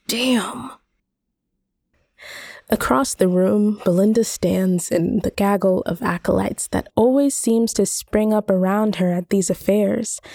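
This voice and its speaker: Woman narrator, measured and wry; slow, gravelly, dry. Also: medium pitch, dark tone, no echo. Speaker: reader. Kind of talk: first-person short story narration.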